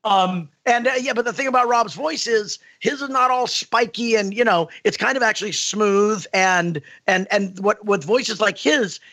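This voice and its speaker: A man voice actor telling stories in casual podcast chat, with a distinctive prickly voice and animated asides. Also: sits high. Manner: animated storyteller, quick asides.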